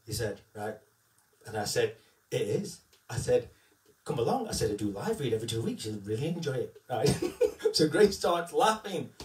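A somewhat mellow, medium-pitched man, a tribute singer by trade, chats casually during a live stream. He plays the storyteller, capping his sentences with "right?", and the audio comes from a far-off mic in an echoey space.

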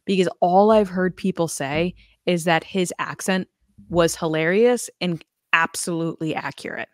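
A woman's voice: on the low side, moderate pace, dry recording, studio quality. A woman co-hosting a podcast in casual chat, chatty and laughing often between many ums. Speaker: podcast co-host.

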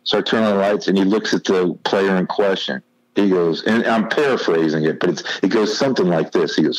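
Folksy man in his fifties, very low voice, easygoing storyteller. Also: normal speed, poor audio. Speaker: podcast guest, former college football player. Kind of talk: casual storytelling.

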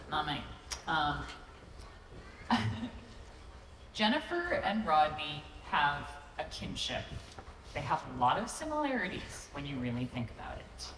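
A woman actor answering fan questions on a convention panel, playful and self-mocking, laughing often as she talks into a handheld microphone. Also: sits low. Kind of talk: relaxed, joking panel talk. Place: large convention hall. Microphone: handheld microphone on stage. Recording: echoey convention hall with loud background noise.

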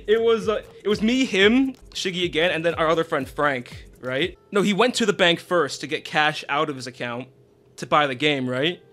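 A man streaming, telling an animated casual story with lots of "right?" and "like". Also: high voice.

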